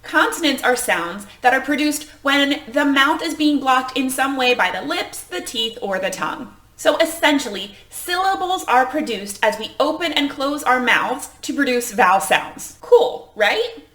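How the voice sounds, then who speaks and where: An enthusiastic woman teacher walks through a phonics lesson in a clear, explanatory way. Her voice sits a little high and rings bright. The room around her sounds echoey. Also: lively intonation, normal speed, hardly any pauses.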